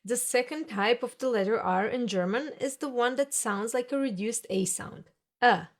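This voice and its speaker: A woman's voice: on the high side, moderate pace. A woman narrating a pronunciation lesson in a patient, explanatory teacher's way. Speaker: language teacher.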